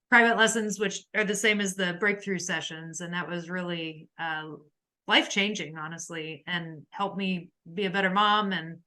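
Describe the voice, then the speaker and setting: A woman's voice: fairly low pitch, bright, forceful tone. A woman in her forties co-hosting a webinar over a video call, chatty and hesitant, with many ums and likes. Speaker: webinar co-host. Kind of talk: casual webinar talk.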